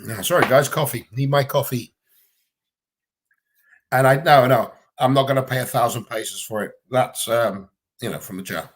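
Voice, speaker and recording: A man's voice: mid-range voice, moderate pace, long pauses. A man with a Gibraltarian accent, chatting bluntly and casually on a livestream Q&A from home, swearing freely. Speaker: livestream co-host.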